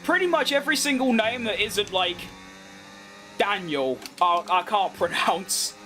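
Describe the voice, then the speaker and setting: A young British gaming streamer with a high, bright, forceful voice chats casually while racing, with faint music behind him. He reacts quickly to the race, reads chat, and pokes fun at himself.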